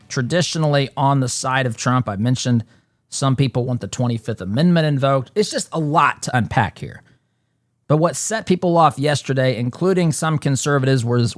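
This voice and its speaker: A man's voice: medium pitch, dry recording, clean studio sound. A man hosting a political talk show, delivering an emphatic monologue and often repeating words as he builds a point.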